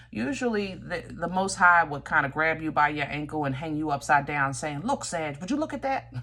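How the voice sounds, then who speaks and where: Her deep voice slightly bright, a woman chats directly to viewers while giving a casual tarot reading, frequently breaking off and starting again.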